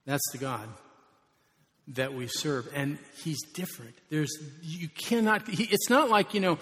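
A man preaching a sermon, his voice sitting a little higher than most men's and swelling in volume on the words he stresses. The sound rings with the long reverb of a large church sanctuary. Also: expressive, moderate pace. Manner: emphatic preaching, surging loud on key words. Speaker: pastor.

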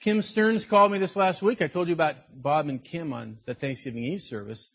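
Man, pastor, conversational sermon, husky, fairly high voice, lo-fi sound. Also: fairly quick. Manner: conversational, emphatic preaching, drops low and quiet for serious points. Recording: dull lo-fi recording.

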